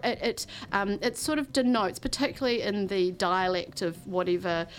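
This is a New woman hosting a studio radio interview at a middling pitch. She talks effusively and rambles through her questions, with lots of restarts. The sound is clean studio radio. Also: moderate pace, slight background noise. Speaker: radio host.

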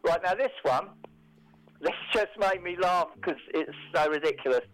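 A man hosting a radio segment in a studio, telling odd stories with deadpan, made-up asides. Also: sits high, normal speed, low-quality recording. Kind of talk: casual radio banter.

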